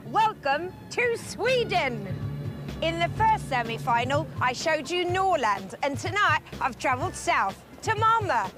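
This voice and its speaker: A woman's voice: sits high, sing-song, measured pace. A woman playing a bumbling, chirpy Eurovision spokesperson. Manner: bumbling, chirpy and self-important. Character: clueless chirpy female Eurovision spokesperson, middle-aged. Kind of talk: comic mock travel report. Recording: music playing underneath.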